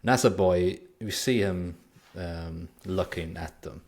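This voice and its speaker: Low gravelly man reviewing a film. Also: slow, darkish tone. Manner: dry, rambling recaps with frequent restarts. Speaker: podcast co-host. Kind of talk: casual film review chat.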